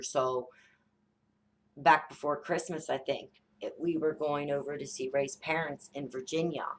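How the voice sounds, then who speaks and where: Low-voiced mom in her 30s, casual storytelling, swears a lot, acts out every line. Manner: animated, swears often, acts out dialogue. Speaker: psychic vlogger, mother.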